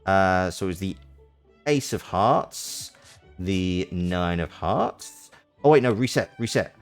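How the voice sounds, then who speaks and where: A low-voiced British man chats casually while streaming a card game. He rambles and restarts his sentences, his voice rising and falling a lot. Faint music plays underneath. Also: lively intonation, takes it slowly, clean tone. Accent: British English.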